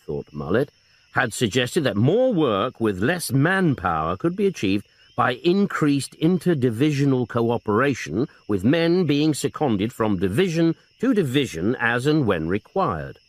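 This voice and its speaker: A man reading a crime novel aloud in scripted narration, with dry, expressive storytelling. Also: fairly low pitch. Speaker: reader.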